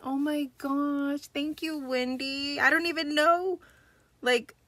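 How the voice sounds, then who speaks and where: Bubbly excitable woman, bright voice. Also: high voice, takes it slowly, dry recording. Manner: gushing, excitable, chatty. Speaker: crafting channel host. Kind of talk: casual unboxing vlog.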